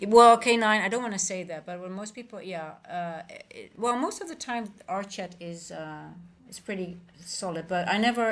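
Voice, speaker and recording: A woman's voice: mid-range voice, fairly bright tone. Dutch woman chatting through a live trading stream. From Netherlands. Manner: chatty, self-correcting, reads and answers live chat.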